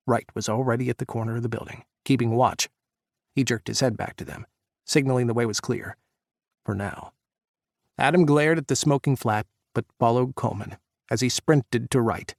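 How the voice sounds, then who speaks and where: A man narrating an audiobook, voicing the characters' shouts during the action scenes. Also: mid-range voice, moderate pace, creaky, no room sound, studio quality. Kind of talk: scripted narration.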